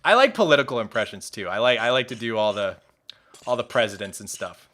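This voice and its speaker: A young man talks casually with his live-stream audience in a mid-range, slightly bright voice, quick and lively in intonation. He rambles, keeps restarting sentences and laughs often.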